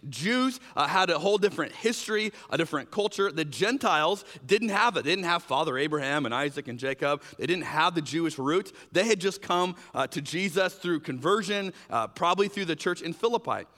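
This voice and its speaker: Animated pastor preaching in a reverberant hall. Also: male voice, on the high side, a little fast, hardly any pauses. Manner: animated, acts out quoted exchanges with shifting voices; conversational, uses fillers like "like" and "you know". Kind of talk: sermon.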